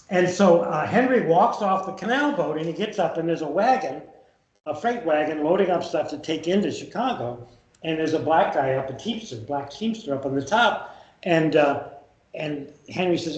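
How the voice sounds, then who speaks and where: A lively man tells a story from the front of a room and slips into the voices of the people in it. His voice sits a little high for a man. The sound bounces around a roomy hall. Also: normal speed. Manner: lively storyteller who acts out the quoted speakers. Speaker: historian giving a public talk. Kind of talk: storytelling lecture to a live audience. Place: museum room with an audience.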